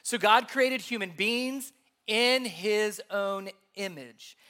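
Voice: mid-range voice, slow, bright, forceful tone. A pastor teaching a sermon in an earnest way, repeating key points and asking the audience questions. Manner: asks the audience rhetorical questions.

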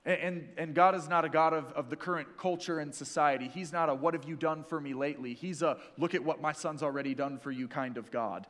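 A man preaching a sermon in a church, earnest and emphatic, dropping to soft, intimate lines between stronger passages. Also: a little high, brisk, few pauses, big-room sound. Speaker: pastor.

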